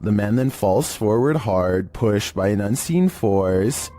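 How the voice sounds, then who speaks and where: A man in a monotone, measured delivery, giving scripted narration as a horror countdown narrator. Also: fairly low pitch, noisy background.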